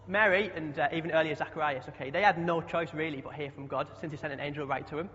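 A man's voice: a little high, steady tone, fast, fairly bright tone, slight background noise. A young man preaching a chatty sermon, often asking the congregation questions. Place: church hall. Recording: dull sound with long hall echo.

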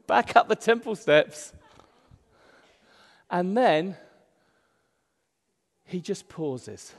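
Male pastor, fairly high voice, preaching in a church with a long hall echo. Animated, from loud to hushed. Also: drawn-out words, creaky, pauses often. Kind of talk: sermon.

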